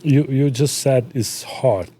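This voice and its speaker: A man co-hosting a podcast, asking halting questions with restarts and short reactions. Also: mid-range voice, warm tone, slightly rough. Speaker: podcast co-host. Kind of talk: interview host asking questions.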